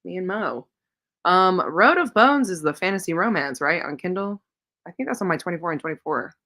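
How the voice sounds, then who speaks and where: Low-voiced chatty woman hosting a livestream. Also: expressive, fairly quick, pushed and bright. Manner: chatty, reads viewer comments aloud and answers them; tells rambling personal stories. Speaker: host of a reading sprint livestream. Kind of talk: casual livestream chat.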